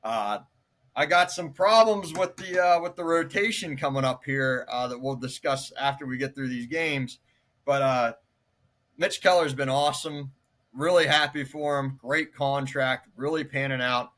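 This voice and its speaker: A man co-hosting a casual sports podcast in a relaxed way, often pausing with fillers. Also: medium pitch. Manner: relaxed, frequent filler pauses. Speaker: podcast co-host.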